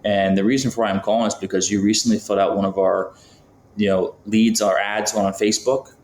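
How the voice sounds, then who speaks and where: A man's voice: lowish voice, flat delivery, brisk, slight background noise. A man from Florida, a podcast guest talking casually with lots of fillers and acting out sample phone calls. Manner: chatty, many fillers, acts out phone calls. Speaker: podcast guest, business founder. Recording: roomy, faint background ambience.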